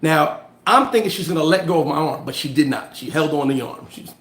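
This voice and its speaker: A fairly high-voiced man talks straight to his viewers in a casual motivational livestream. He tells stories with lively, slangy energy and stops to answer comments. The sound is roomy and echoey. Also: fairly quick. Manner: animated storytelling with street slang. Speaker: livestream host giving motivational talk. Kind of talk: casual motivational live chat.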